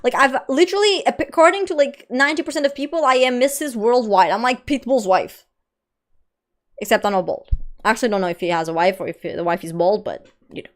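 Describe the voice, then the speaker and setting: A woman's voice: on the high side, quick pace. A young woman from Lisbon with a light Portuguese accent, a streamer chatting casually with her viewers. She laughs often and swears casually. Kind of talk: casual live-stream chat.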